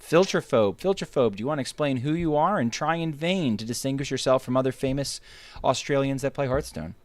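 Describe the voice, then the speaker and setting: A man's voice: mid-range voice, brisk, no room sound. A male streamer hosting a game guide in casual banter, blunt and joking with a profane streak and frequent restarts. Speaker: streamer and host.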